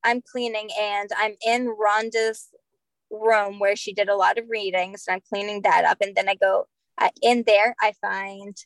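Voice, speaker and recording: A woman's voice: mid-range voice, dry recording, rough recording. Chatty woman telling a story, dry sound. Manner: chatty, filler-heavy with frequent "like" and "um". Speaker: podcast guest, spirit medium. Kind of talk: casual storytelling.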